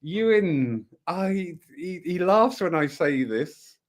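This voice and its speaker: A man's voice: sits high, animated, slow pace. A man giving a rambling, enthusiastic live update to viewers about upcoming events at his centre. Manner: warm, rambling, enthusiastic with frequent laughs. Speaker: spiritualist centre organiser.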